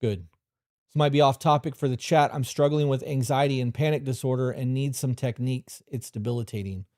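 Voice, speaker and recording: A man's voice: medium pitch, fairly even intonation, a little fast, a little mellow, no room sound, studio quality. A man hosting a live stream, giving blunt, profane relationship advice and answering chat questions directly. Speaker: host.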